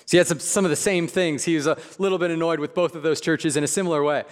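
A man preaching a sermon in a conversational, emphatic way, slowing down on key phrases. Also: on the high side, fairly even intonation. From Midwest. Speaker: pastor. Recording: long hall reverb.

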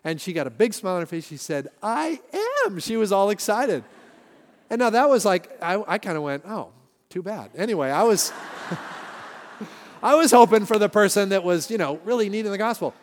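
A man with a high-pitched voice preaches in a conversational, storytelling way. His words ring out with a long reverb tail in a church sanctuary. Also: animated, brisk. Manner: conversational storytelling with shifting emphasis. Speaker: pastor. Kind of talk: sermon.

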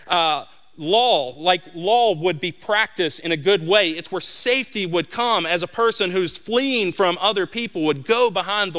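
Middle-aged male pastor, high bright voice, animated storyteller. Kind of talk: sermon.

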